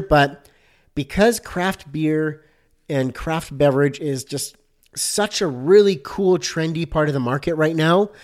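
A man's voice: a little high, darkish tone. A man hosting a casual solo podcast about design, upbeat and chatty, with many fillers.

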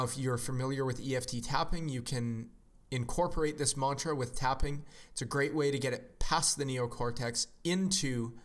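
A man speaks at a middle pitch, giving an earnest, encouraging motivational talk. He often slips into the voices of the people he describes, then returns to his plain delivery. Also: fairly bright tone. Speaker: self-help speaker.

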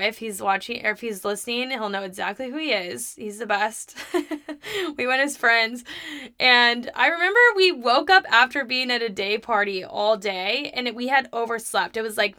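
A young woman in her twenties, her voice sitting a touch high and sounding bright and clear. She talks candidly and confessionally, chatty and full of "like"s. She laughs now and then as she tells her own story on her podcast. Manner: open, confessional, chatty with many "like"s; laughs between remarks. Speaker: podcast host.

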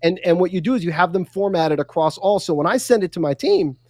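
A fired-up man talks with emphatic drive and acts out quick quotes. His voice sits high, and the sound is dry and close, with no room around it. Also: animated, darkish tone, dry recording. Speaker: guest, content consultant. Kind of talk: animated livestream interview.

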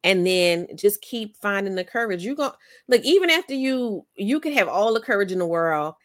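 A woman podcast host and coach in casual interview chat, talking in an animated, motivational way with many fillers. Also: medium pitch, moderate pace, no room sound, clean studio sound.

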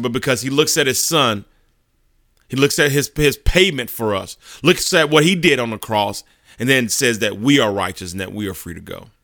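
A man's voice: lowish voice, gravelly, pushed and bright, no room sound, studio quality. A man preaching a sermon, telling a vivid courtroom story and often repeating words as he goes.

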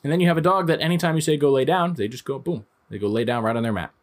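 A man in his thirties talks in an easy, conversational way as he teaches dog training, with a voice of ordinary middle pitch. He explains each point through everyday examples and talks straight to the listener. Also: animated, racing. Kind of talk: instructional talk.

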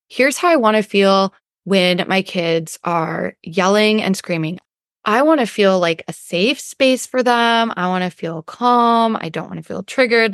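A woman coach talks through her podcast in a loose, chatty way, full of fillers and little acted-out inner voices. Her voice sits at an ordinary pitch and is recorded close and dry, with no room sound. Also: clean tone, no room sound. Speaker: weight loss coach and podcast host. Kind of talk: casual podcast monologue.

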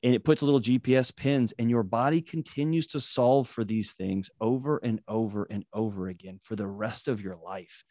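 A man's voice: on the low side, normal speed, few pauses, dark tone, no echo, clean studio sound. A man, a mental health expert, earnestly explaining ideas through vivid everyday stories as a podcast guest. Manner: earnest, storytelling, vivid examples. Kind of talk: interview answer, explaining.

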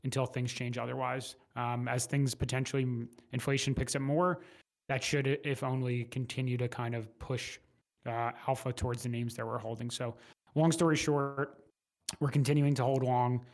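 A man speaking as an investment manager guest in a casual interview, measured and hesitant. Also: medium pitch, flat delivery. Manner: measured, hesitant with fillers and restarts.

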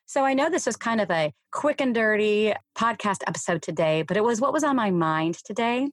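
A woman hosting a solo parenting podcast, calmly explaining and modelling phrases parents can say to their children. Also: medium pitch, brisk, no room sound, studio quality. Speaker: podcast host and parent coach. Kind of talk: solo podcast advice talk.

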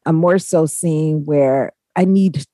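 A young woman co-hosting a casual faith podcast, candid and animated, laughing at herself. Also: low-pitched, slow pace, dry recording. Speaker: podcast co-host. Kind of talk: faith-based casual chat.

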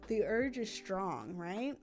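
A woman hosts a parenting podcast in an easy, conversational way. Her voice sits at an ordinary middle pitch. She keeps checking in with a quick "right?" and sounds earnest and reassuring as she explains. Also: big pitch swings, soft background music. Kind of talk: casual teaching talk.

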